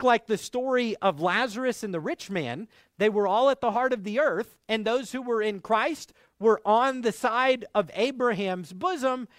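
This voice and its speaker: A man preaching a sermon, retelling scripture with expressive delivery and quoting old English verses. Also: high voice, dry recording, studio quality. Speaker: pastor.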